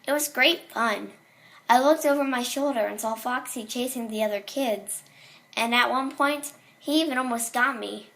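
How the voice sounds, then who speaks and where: A woman's voice: a little high, normal speed, vocal fry, fairly bright tone. A woman reading a horror story aloud in a casual way, with small slips and restarts.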